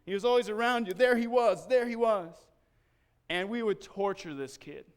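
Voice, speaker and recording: A male pastor giving a sermon in church, telling a personal story in an animated way and acting out the scenes. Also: high voice, moderate pace, smooth.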